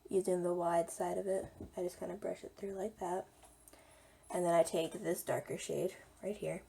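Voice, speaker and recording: Slightly hoarse, gravelly-voiced young woman. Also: fairly low pitch, steady tone, moderate pace, warm tone. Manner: chatty, talks while applying makeup. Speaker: beauty vlogger. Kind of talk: casual makeup tutorial.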